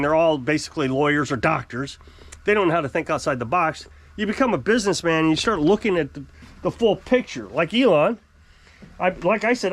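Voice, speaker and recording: A middle-aged man talks straight to his viewers in an unscripted, opinionated vlog rant. His voice sits fairly high for a man. He gets animated as he goes and slips into mocking voices when he quotes other people. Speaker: channel host. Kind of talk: casual political vlog rant.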